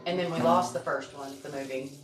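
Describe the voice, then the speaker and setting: A woman's voice: sits low, fairly even intonation, brisk, recorded from a distance. A mother chatting casually and telling a family story. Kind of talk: casual chat. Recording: echoey, off-mic, loud music.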